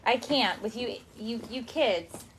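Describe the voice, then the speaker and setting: A woman with a slightly high voice speaks slowly in a very noisy recording. She's a parenting vlogger in her yard, chatting casually to her phone camera and exclaiming at her dog.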